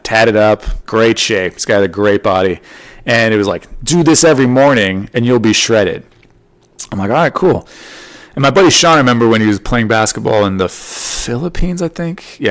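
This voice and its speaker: A man with a lowish voice talks through his material alone on a podcast. His delivery is loose and rambling, padded with "you know" and "like.". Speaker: comedian and podcast host. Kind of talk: casual solo monologue.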